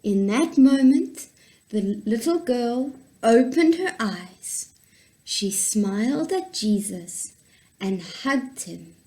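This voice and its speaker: Woman teacher reading a kids' bible story, slow and clear, a bit high, faint music behind. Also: low-quality recording.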